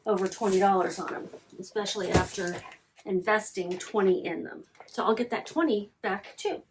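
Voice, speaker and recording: A woman's voice: medium pitch, noisy background. A woman vlogger chatting casually as she packs and ships her online sales, thinking aloud and repeating herself. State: yawning, hiccuping. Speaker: reseller vlogger. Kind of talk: casual chatty vlog while packing orders.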